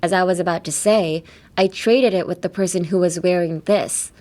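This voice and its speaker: A woman's voice: medium pitch, lively intonation, very fast, darkish tone, lightly acted. A flustered anime teenage boy explains himself defensively, as a woman reads his lines in her own voice. The delivery is plain, with a slight stammer.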